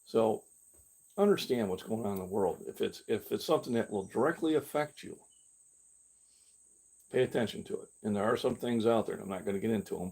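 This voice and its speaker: An older man hosting a fitness channel talks candidly on a meandering live-stream recorded on a camera he carries himself, restarting often and mockingly acting out his own past reactions. His voice is fairly low, warm, creaky, and slightly rough.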